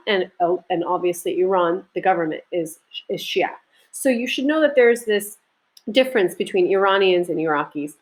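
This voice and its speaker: A woman's voice: mid-range voice, rough recording. A woman from Iraq giving a recorded history lecture, talking in a loose conversational way with restarts and asides to her students. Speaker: teacher.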